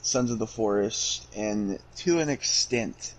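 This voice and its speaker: A man's voice: fairly low pitch, slow, few pauses. A man co-hosting a casual podcast, ranting bluntly with constant profanity. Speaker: podcast co-host.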